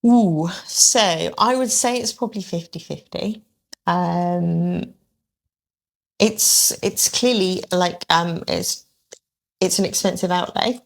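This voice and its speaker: A woman appears as a podcast guest to discuss her aesthetics work, speaking thoughtfully but hedging, with many ums and restarts and the occasional dry, sarcastic aside. Her voice is on the low side, slow, and gravelly. The format is a conversational interview.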